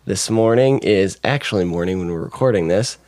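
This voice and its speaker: A man's voice: low voice, a little fast, a little mellow. A young man hosting a podcast, chatting casually and joking with an easy laugh. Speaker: podcast host. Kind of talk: casual morning chat.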